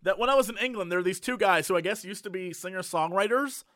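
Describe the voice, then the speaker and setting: A young man chatting casually and joking as co-host, lively and animated. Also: high voice, fast, no echo, studio quality. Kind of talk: casual chat.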